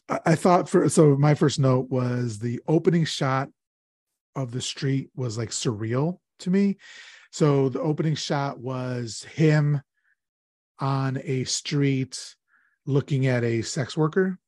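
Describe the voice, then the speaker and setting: A man's voice: medium pitch, takes it slowly, dark tone, no room sound, clean studio sound. A man hosting a podcast, chatting casually about a horror film in a rambling way, searching for words as he goes. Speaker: podcast host. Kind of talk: casual horror movie chat.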